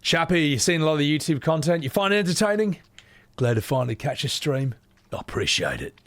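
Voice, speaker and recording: A man's voice: on the high side, sing-song, quick pace, fairly bright tone. A man with a put-on Scottish accent, live-streaming a horror game and chatting casually with viewers, swearing freely and thanking chat. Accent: exaggerated put-on Scottish.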